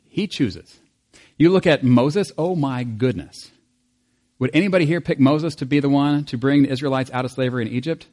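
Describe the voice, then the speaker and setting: A man's voice: medium pitch, a little mellow. A male pastor giving a conversational sermon, acting out quoted voices and chuckling often.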